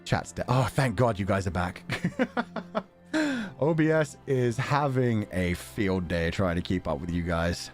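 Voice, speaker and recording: Male streamer, casual chat, very animated lively pitch, laughs a lot, swears, faint music behind. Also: measured pace. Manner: laughs often, swears, excitable.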